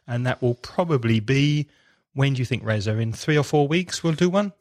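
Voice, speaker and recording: A male podcast co-host speaks in a friendly, measured way, pronouncing each word clearly. His voice sits at an ordinary pitch. The recording is dry and close, with no room sound. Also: a little mellow, no echo. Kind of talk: conversational podcast chat.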